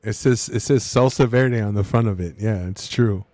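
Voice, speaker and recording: A man's voice: fairly low pitch, normal speed, mellow, no room sound. A man chatting casually on a live stream. He argues brashly, swears freely, and keeps saying bro and dude.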